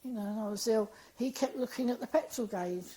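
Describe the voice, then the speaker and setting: A woman, an interview guest, telling a personal story in a lively, animated way and acting out the dialogue she quotes. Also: a little high, fairly quick, poor audio.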